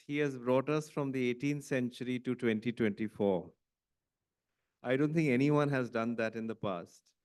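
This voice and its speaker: Smooth-voiced Indian English session chair. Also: male voice, mid-range voice, a little mellow. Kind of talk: lecture response.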